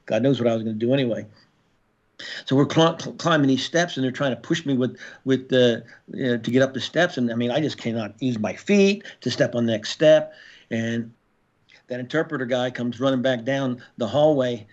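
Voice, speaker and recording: A man's voice: mid-range voice, a little mellow. Older man telling a gritty story. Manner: gritty and profane, with halting restarts. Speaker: guest, former Marine. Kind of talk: storytelling in a podcast interview. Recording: slightly dull lo-fi audio.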